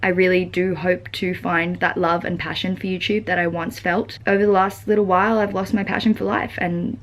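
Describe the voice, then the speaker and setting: A woman's voice: lowish voice, level tone, moderate pace. A young adult woman talking to her viewers in a personal vlog, earnest and open, with lots of "like" fillers. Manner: uses many "like" fillers. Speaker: vlogger. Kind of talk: personal vlog talk to camera.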